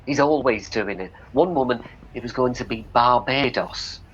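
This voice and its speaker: A man's voice: mid-range voice, normal speed, a bit bright, husky. A man giving a live outdoor reading of a monologue play, narrating in a plain, dry storytelling manner. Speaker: tour guide reading a play. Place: outdoors on a town street. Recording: dull lo-fi street recording, faint noise.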